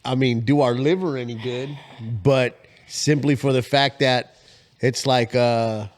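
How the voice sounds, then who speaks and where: A man in his forties, co-hosting a casual podcast, telling a story and acting out the quotes with big jumps in pitch. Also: fairly even intonation, unhurried. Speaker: podcast co-host.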